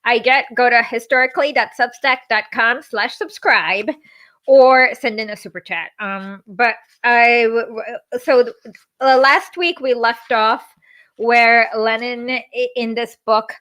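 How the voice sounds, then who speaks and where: Chatty higher-voiced woman reading aloud. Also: steady tone, slow, a bit bright. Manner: reads aloud with chatty asides and self-corrections. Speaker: livestream host reading a book aloud. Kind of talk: casual livestream book reading.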